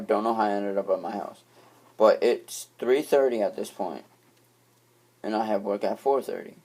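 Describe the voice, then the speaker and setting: A man's voice: on the low side, darkish tone. A young man telling a long story in a casual, rambling way, restarting phrases and swearing freely. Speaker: vlogger.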